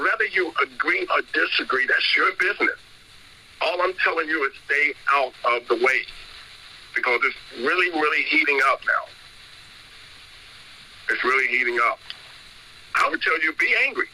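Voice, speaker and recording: A man's voice: fairly high pitch, bright, forceful tone, slight background noise, low-quality recording. A man preaching on a call, reading verses and repeating blunt commands in an emphatic, scolding way. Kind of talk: sermon-style scripture talk.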